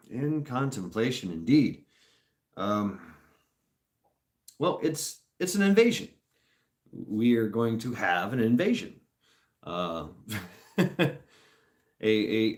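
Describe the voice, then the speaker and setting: A man with a lowish voice hosts a relaxed livestream, chatting at an unhurried, drawn-out pace. He rambles, chuckles often and addresses viewers casually. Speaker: livestream host.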